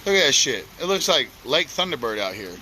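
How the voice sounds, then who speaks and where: A man from Oklahoma with an Oklahoma accent, livestreaming outdoors by a flooded street at night, giving loud, joking commentary full of slang. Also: mid-range voice, sing-song, brisk, slight background noise. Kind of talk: casual live commentary.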